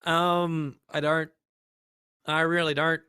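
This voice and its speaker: Animated Australian man, dry close sound. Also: fairly high pitch, takes it slowly, smooth, no echo. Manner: animated, emphatic, many fillers. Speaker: esports caster, guest. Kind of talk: casual interview chat.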